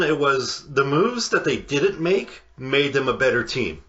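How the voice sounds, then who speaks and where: A man co-hosting a casual sports podcast, talking in halting bursts with many restarts and fillers. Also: mid-range voice, lively intonation, sharp tone, highs cut off. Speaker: podcast co-host. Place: home podcast studio.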